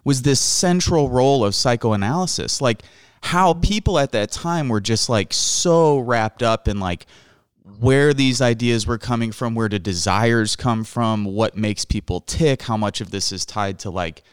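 A man's voice: mid-range voice, measured pace, clean tone, no room sound, clean studio sound. A man hosting an interview, talking casually and rambling a bit, with many "like" fillers. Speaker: host. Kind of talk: conversational interview.

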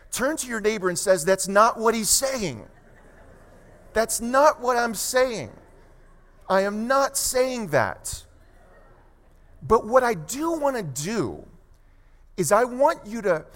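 A man preaching a sermon as pastor, emphatic, with quick asides and slow, stressed phrases. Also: high voice. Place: church sanctuary. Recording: long hall reverb.

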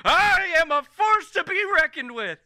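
A man doing a booming self-proclaimed future king. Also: very animated, a little slow, pushed and bright, no room sound, studio quality, exaggerated voice. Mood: grandiose. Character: grandiose cheerful young male noble, self-proclaimed future king.

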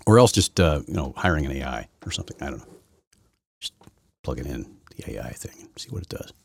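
A man hosting his own podcast from his basement, rambling through a political rant that swings from loud outbursts to low muttering, with many restarts. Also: big pitch swings, quick pace, gravelly, husky, no echo. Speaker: podcast host. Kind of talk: solo political commentary rant. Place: home basement.

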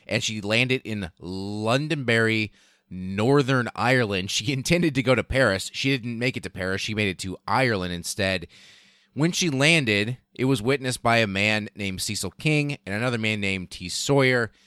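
A man hosting a podcast, telling history casually, swearing for emphasis and speeding up and slowing down. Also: lowish voice, sharp tone, clear, resonant tone, no echo, clean studio sound. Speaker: podcast host.

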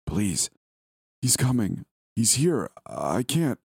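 A woman's voice: very deep voice, sing-song, slow pace, creaky, a little mellow, husky, dry recording, clean studio sound, pitched above the performer's own voice, full character voice. A man voicing a shaky, desperate woman on a phone call, pleading and frantic, in a horror story narration.

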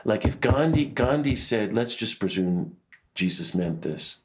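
An American man speaking as an interview guest, telling passionate, animated stories about a faith-driven vision of peace. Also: fairly low pitch, unhurried. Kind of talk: conversational interview.

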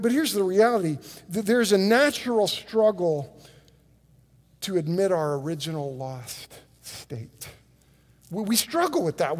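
A man preaching a sermon as pastor, emphatic, with dramatic pauses, repeated words and restarts, and quotes he acts out. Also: high voice, darkish tone. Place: church sanctuary. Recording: long reverb of a church hall.

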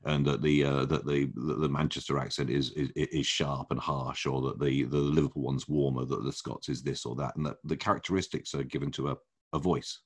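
Very deep husky male host. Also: steady tone. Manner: halting, repeats words as he hunts for a question. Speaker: podcast host. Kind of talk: casual interview chat.

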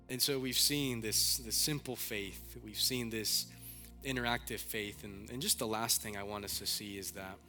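Young guy pastor preaching, bright forceful voice, tells stories and acts out the voices, faint music behind. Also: on the low side. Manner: animated storytelling, acting out quoted voices, candid asides. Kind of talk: sermon.

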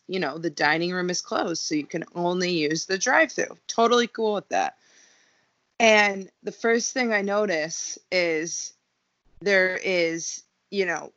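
A woman's voice: fairly low pitch, fairly bright tone, dry recording, highs cut off. A woman co-hosting a casual chat, ranting with indignation and sarcastic asides. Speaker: podcast co-host.

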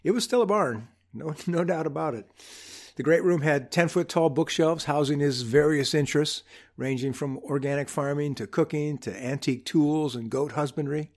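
Wry man telling a reflective story. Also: a little high. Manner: wry, unhurried, humorous asides. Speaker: podcast host.

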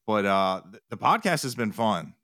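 His fairly low voice swings widely in pitch, moving at a moderate pace with a slightly bright tone. A TikTok music reactor guesting on a podcast, he chats casually in the interview, rambling with restarts and retold quotes, in studio-quality audio with no room sound.

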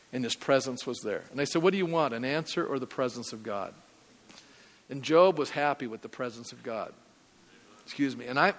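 A man's voice: on the high side, long reverb tail. A male pastor preaching a conversational sermon, often asking the congregation questions.

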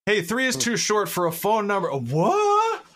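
Speaking briskly in a high, sharp voice, this male co-host rambles through a comedic podcast chat. He is crude and jokey and frequently trails off, losing his thread.

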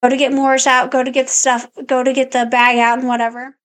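A woman's voice: high-pitched, level tone, fast. A woman podcast co-host in casual chat, animatedly telling a story and acting out her own quotes.

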